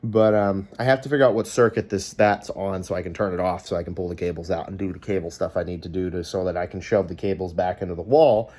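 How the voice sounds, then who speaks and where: A man's voice: low-pitched, fairly even intonation, fast, hardly any pauses, darkish tone. A man with a Californian American accent in casual vlog chat. He rambles and chats, with frequent ums and corrections of himself. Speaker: vlogger.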